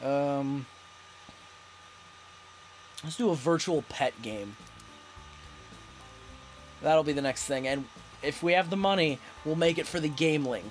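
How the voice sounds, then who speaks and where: Goofy guy narrating his game run, kinda high-pitched, reads stuff off the screen, bit of music under it. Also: measured pace, pauses often. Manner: playful, excitable, reads on-screen text aloud. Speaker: let's play host. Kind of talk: casual gameplay commentary.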